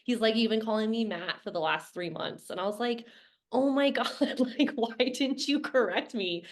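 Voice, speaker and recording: A woman's voice: on the high side, normal speed. A woman co-hosting a podcast, chatting casually and laughing easily. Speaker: podcast co-host, former coach. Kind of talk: casual chat.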